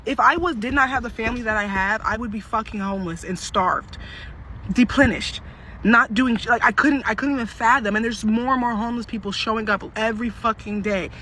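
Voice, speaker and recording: A woman's voice: on the high side, bright, forceful tone. Woman, 20s, social worker; angry fed-up rant, heavy swearing, faint car noise behind. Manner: furious, swearing heavily, rapid rhetorical questions. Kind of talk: angry venting monologue.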